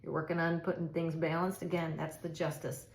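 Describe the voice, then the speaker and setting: Gravelly-voiced woman giving a tarot reading. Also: low-pitched, little pitch movement, a little fast. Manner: chatty, reassuring, thinks aloud with restarts. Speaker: tarot reader. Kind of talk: casual tarot reading monologue. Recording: echoey room.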